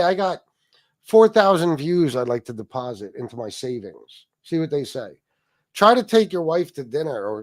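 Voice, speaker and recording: Pitched on the high side with a darkish tone, a middle-aged man hosts a livestream and delivers a casual, profane rant. He mocks a rival, swears heavily and talks to viewers in asides, all in studio-quality sound with no room tone.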